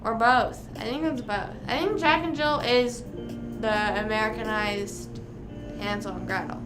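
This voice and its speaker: A high-pitched young woman chats casually with her stream audience, reading rhymes aloud and humming bits of them. Music plays clearly behind her voice. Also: steady tone, a little slow. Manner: chatty, reads rhymes aloud to chat, sings snippets. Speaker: livestream host. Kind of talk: casual livestream chat.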